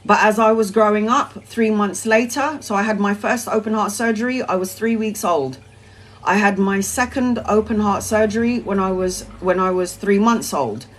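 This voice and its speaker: A woman's voice: mid-range voice, moderate pace, poor audio. A woman, talking on a live stream in an emphatic, rambling way that is peppered with swearing. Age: 40s. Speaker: tarot reader live streamer.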